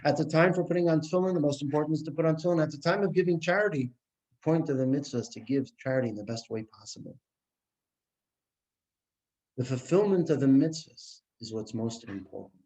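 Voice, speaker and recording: A man, as a rabbi, giving a Torah class who tells a story with animated delivery and frequent restarts. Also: on the high side, brisk, rough recording.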